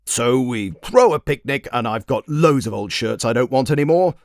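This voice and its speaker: A man's voice: medium pitch, expressive, moderate pace, no room sound, studio quality, lightly acted. A man voicing an idle, pompous and dim-witted king who blusters and gets flustered. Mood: blustering.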